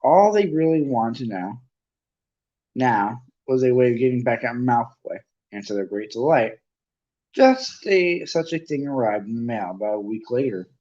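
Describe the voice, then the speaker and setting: A man's voice: medium pitch, very animated, normal speed, warm tone, muffled recording. A man reading a novel aloud as an amateur narrator, often stumbling and correcting himself. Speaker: amateur audiobook reader.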